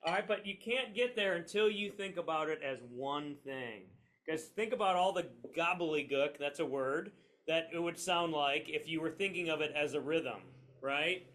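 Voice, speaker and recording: A middle-aged man teaching a percussion class in a relaxed, chatty way, with frequent fillers and "okay?" checks. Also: a little high, normal speed, noisy background. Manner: relaxed, chatty, with many fillers and tag questions. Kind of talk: classroom lesson. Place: classroom near a train line.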